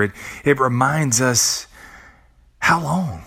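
A man's voice: mid-range voice, huge pitch swings, slow, creaky, bright, forceful tone, breathy edge. A middle-aged man hosting a podcast, speaking an earnest, reflective monologue with casual swearing and restarts. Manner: earnest, with blunt casual swearing and repeated words. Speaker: podcast host.

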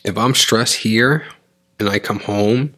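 A man with a low, husky voice talks casually with his partner. He explains things in an animated way and slips into quick acted-out voices to make his point. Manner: animated, acts out quoted voices while explaining. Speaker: podcast co-host talking with his partner. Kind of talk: casual relationship chat.

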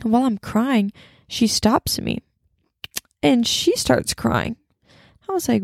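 A woman's voice: fairly high pitch, slow, vocal fry, long pauses, dry recording, clean studio sound. A young woman, talking casually about faith and telling a personal story, full of fillers and chatty asides. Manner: chatty, lots of fillers, describes herself as loud. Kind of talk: casual Christian testimony talk.

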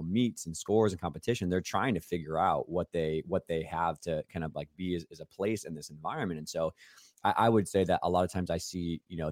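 A man hosting a casual podcast interview, chatty and quick with frequent restarts. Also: deep voice, a little mellow, dry recording, clean studio sound. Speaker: podcast host.

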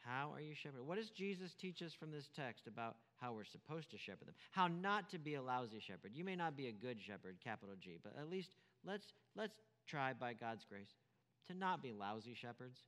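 A man's voice: medium pitch, big pitch swings, fairly quick, fairly bright tone, big-room sound. A man preaching a sermon as pastor, emphatic, repeating key phrases and asking rhetorical questions.

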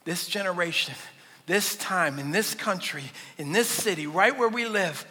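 A man preaching a sermon in a church, swinging between loud bursts and hushed whispers. His voice sits high and sounds bright and forceful. A long reverb trails each phrase, as in a large hall. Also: normal speed. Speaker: pastor.

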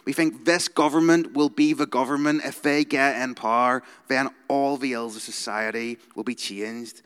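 A Northern Irish youth worker speaks to a gathered audience in an easy, conversational sermon style, tagging his points with quick "okay?" check-ins. His mid-range voice carries a long reverb tail from the large hall around him. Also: mid-range voice, steady tone, fairly bright tone, smooth. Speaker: youth worker giving a talk. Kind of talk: informal sermon talk.

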